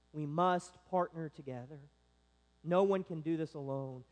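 A pastor preaching a sermon with emphatic stress, slowing down to press key words. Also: male voice, high-pitched. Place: church sanctuary. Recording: long hall reverb.

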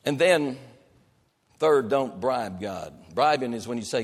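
A male pastor preaching a sermon with dynamic delivery, swinging between loud emphatic lines and soft hushed ones. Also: medium pitch, lively intonation, slow pace, in a large hall.

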